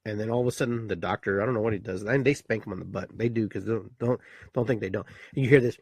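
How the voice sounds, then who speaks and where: Middle-aged male host, husky voice, dry close sound; rambling, animated live talk to viewers. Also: lowish voice, fast talker, no echo. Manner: rambling, animated, acts out a newborn's voice.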